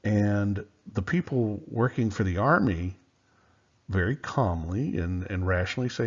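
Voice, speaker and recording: A man's voice: sits low, moderate pace, highs cut off. A man giving a casual history lecture in a loose, conversational way, with many fillers and restarts. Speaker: history teacher.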